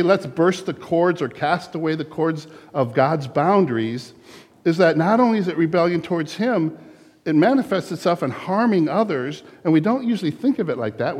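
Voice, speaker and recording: A middle-aged man, a pastor, preaching a sermon in a relaxed conversational way, with small laughs and acted asides. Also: fairly high pitch, in a large hall. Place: church.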